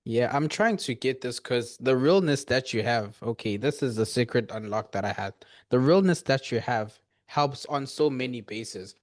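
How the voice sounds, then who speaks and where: A man's voice: mid-range voice, expressive, moderate pace, dry recording, clean studio sound. A man on a group coaching call, speaking earnestly and rambling, with frequent restarts. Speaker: coaching client.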